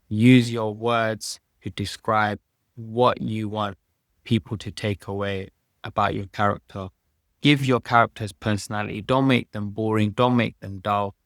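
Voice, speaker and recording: Measured British man teaching English. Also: on the low side, a bit bright, no room sound, studio quality. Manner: measured, explanatory, reads quoted passages aloud. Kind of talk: explaining a lesson.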